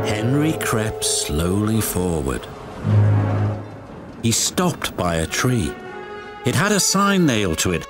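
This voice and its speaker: Male storyteller, unhurried and expressive, over a music bed. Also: sits low. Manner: slow, expressive. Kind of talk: reading a children's story aloud.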